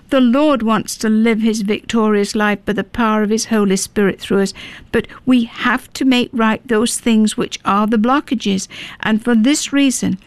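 A woman's voice: on the high side, clear, resonant tone, dry recording. A woman preaching a sermon in an earnest, pleading way, asking the listeners many questions.

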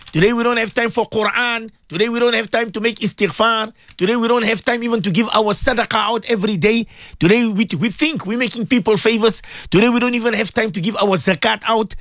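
A man's voice: high-pitched, a bit bright, dry recording, studio quality. A man presenting a radio advice show and delivering an impassioned sermon, full of repeated rhetorical questions. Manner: fervent, repetitive, rhetorical questions.

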